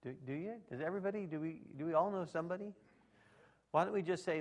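A man preaching a sermon to his congregation in an animated, folksy way, with speech and shouted exclamations. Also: fairly high pitch, fast. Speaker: pastor.

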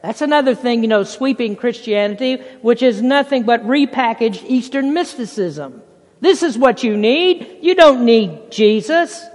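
A preacher in full sermon, pressing points hard and then dropping to a near hush before rising again. Scripture quotes are worked into the flow and given voices of their own. The sound rings with the long tail of a big hall. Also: medium pitch, animated, unhurried. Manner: emphatic, swinging between loud bursts and hushed passages.

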